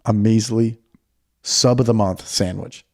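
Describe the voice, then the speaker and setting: A man's voice: lowish voice, fairly even intonation, a little slow, darkish tone. A young man co-hosting a comedy podcast, trading crude jokes in laid-back banter. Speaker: podcast co-host. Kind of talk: casual comedy chat.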